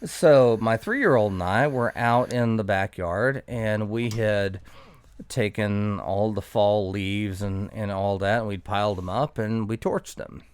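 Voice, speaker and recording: A man's voice: on the low side, unhurried, smooth, dry recording. A man telling a rambling, profane, sarcastic story in casual podcast chat. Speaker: podcast guest.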